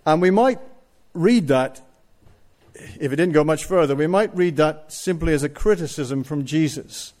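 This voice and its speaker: A man's voice: on the high side, lively intonation, measured pace, a little mellow. A man preaching a sermon, stressing his points and putting rhetorical questions to the congregation.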